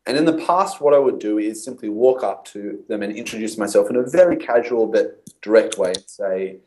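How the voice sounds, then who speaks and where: The recording is low quality, carrying a man's lowish, dark-toned voice at a brisk pace. As a guest copywriter in an interview, he tells stories and acts out past conversations.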